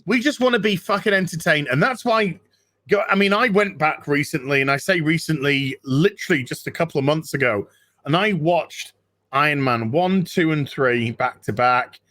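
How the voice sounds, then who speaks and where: A man's voice: a little high, moderate pace, pushed and bright, no echo. A man ranting with heavy swearing as a guest in a casual podcast chat. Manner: profane, ranting.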